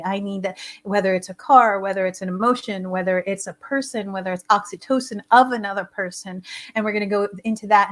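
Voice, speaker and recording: Woman host, voice going hoarse and scratchy, keen and emphatic, repeats words for stress on a live stream. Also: medium pitch. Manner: enthusiastic, emphatic repetition. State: hoarse, losing her voice. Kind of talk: live-streamed wellness talk show.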